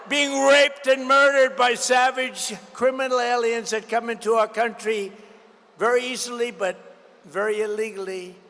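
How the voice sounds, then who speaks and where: A man's voice: extremely high pitch, sharp tone. A man in his seventies giving a combative, repetitive campaign rally speech in a large indoor expo hall, riffing off the crowd. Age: 70s. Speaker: political candidate. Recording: long reverb in a big hall, faint noise.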